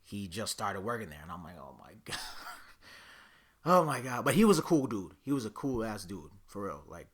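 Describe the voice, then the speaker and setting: Young man, low-pitched, animated swearing podcast storyteller who voices both sides of the conversation. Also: fairly quick, few pauses, husky. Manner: animated, profane, acts out quoted dialogue. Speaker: podcast host. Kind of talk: casual storytelling monologue.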